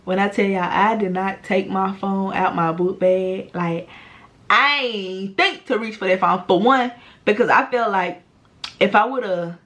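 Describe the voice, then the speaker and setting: Young woman vlogging a storytime, cussing a lot, super animated, slangy. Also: mid-range voice. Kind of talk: casual storytime vlog.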